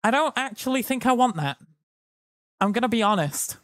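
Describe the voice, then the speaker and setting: A man's voice: extremely high pitch, expressive, normal speed, fairly bright tone, dry recording, clean studio sound. A tired man chatting casually to his live-stream audience, rambling and joking. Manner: rambling, jokey, slips into silly voices. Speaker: livestreamer.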